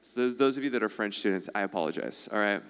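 A man's voice: fairly low pitch, fast talker, smooth. Man teaching in a reverberant hall. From United States. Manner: keeps checking in with listeners, "all right?", "okay?"; animated, rhetorical questions. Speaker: speaker addressing a live audience. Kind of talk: teaching to a live audience.

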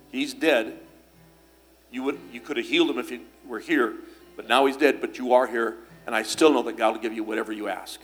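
A man delivering a church sermon, mixing scripture with homespun stories. He talks in a folksy, easygoing way, full of little fillers and restarts, with faint music behind him. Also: mid-range voice. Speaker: pastor.

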